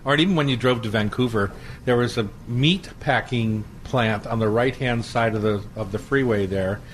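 A man's voice: medium pitch, moderate pace, low-quality recording. An older man hosts a food talk show on the radio. He rambles easily through his memories and chuckles as he goes. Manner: relaxed, rambling, chuckles often. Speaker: radio show host and chef. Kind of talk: casual radio chat.

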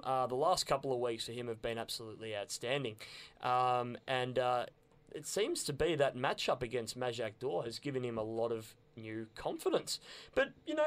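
A young adult Australian man co-hosts a podcast, chatting casually and enthusiastically in a mid-range voice, often repeating words as he goes.

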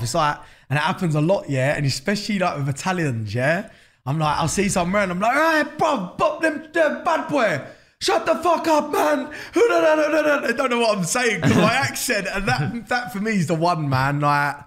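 His voice is on the high side and a bit bright. He's an English business founder with a London accent, chatting casually as an interview guest, his talk loose and peppered with slang, fillers and curses.

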